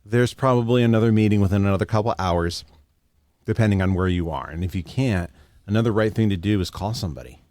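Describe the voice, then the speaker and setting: A man co-hosting a casual podcast conversation, calmly giving practical advice. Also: on the low side, fast, no room sound. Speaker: podcast co-host.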